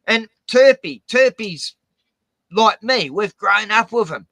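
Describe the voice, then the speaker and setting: This Australian man talks in a bright, tense voice that sits a little high for a man. He tells rambling, profane stories with lots of swearing and animated outbursts. The recording is dry and close. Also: normal speed, no echo. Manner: swears heavily, animated rants. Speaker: host. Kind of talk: profane casual storytelling.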